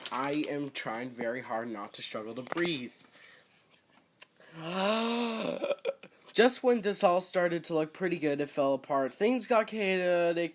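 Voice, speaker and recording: A man's voice: fairly high pitch, a little hiss or hum. A man reading a school report aloud, stumbling over words and slipping in joking asides.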